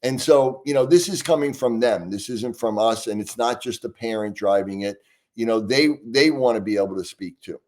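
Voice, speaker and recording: A man's voice: mid-range voice, moderate pace, darkish tone. A man, a guest expert in an interview, speaking earnestly and passionately, often restarting his sentences. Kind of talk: conversational interview answers.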